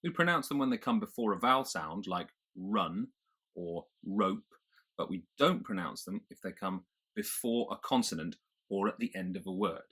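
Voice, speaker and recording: A man's voice: lowish voice, lively intonation, fairly quick, a bit bright, breathy edge. A man with a British accent, an accent coach explaining and demonstrating pronunciation, with some hesitant fillers. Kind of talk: pronunciation lesson.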